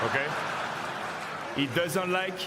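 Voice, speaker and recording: A man in his forties with a French accent gives an acceptance speech to a large audience, halting and playful, with restarts and fillers. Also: sits high, noisy background. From France. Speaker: honoree giving an acceptance speech. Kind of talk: emotional public speech. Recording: reverberant hall with faint ambience.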